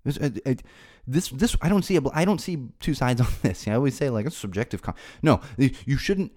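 A man's voice: mid-range voice, expressive, a little fast, a little mellow. A podcast host in his thirties, a man, talking casually in a rambling, exasperated rant that repeats itself. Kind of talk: casual ranting monologue.

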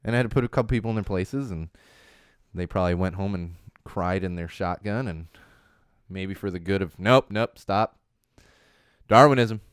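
A man in his thirties hosting a casual news chat podcast, animated and rambling, full of asides. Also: deep voice, moderate pace, clear, resonant tone, no room sound, studio quality. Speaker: podcast host.

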